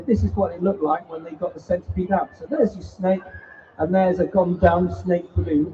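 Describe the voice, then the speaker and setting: Man doing a bug show for kids, hammy and teasing, mellow voice, distant muffled stream audio. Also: high voice. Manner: jokey, theatrical showman teasing the kids. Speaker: invertebrate show presenter. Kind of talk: live show talk to a family audience. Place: event hall before an audience. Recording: distant, dull live-stream sound with faint noise.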